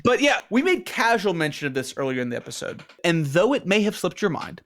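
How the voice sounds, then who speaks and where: Man, casual podcast co-host, slightly high pitch, loose, profane. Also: sing-song, a little fast, a bit bright. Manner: loose and profane, laughs along. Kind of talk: casual chat.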